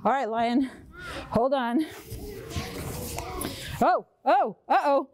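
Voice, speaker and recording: Crowd noise surrounds this high-pitched woman, who draws out her words as she reads a picture book to kids. The librarian's delivery is lively and sing-song, urging everyone to buzz, roar and join in the actions.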